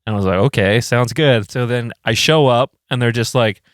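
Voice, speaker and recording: Swearing, animated man telling band stories. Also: mid-range voice, a little fast, hardly any pauses, clean tone, dry recording, studio quality. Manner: animated storyteller who acts out quotes with lots of swearing. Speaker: band member and podcast co-host. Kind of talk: casual podcast chat.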